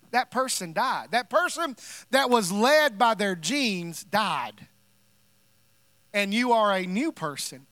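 A man with a notably high, bright voice delivers a sermon as pastor, talking to his congregation in an easy, conversational way and pressing his points with emphasis. His voice is close and dry, with almost no room sound around it. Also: no echo. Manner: conversational, emphatic preaching with playful asides.

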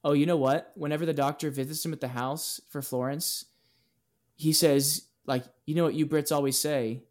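A man's voice: fairly high pitch, fairly even intonation, moderate pace. A man co-hosting a podcast, rambling with restarts and filler words in casual chat. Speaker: podcast co-host.

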